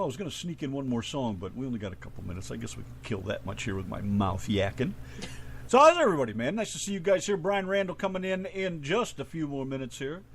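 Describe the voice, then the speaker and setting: Animated joking American radio host. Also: male voice, medium pitch, slight background noise. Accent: American, mixed Southern. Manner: joking, loose, swears casually. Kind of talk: casual radio chat.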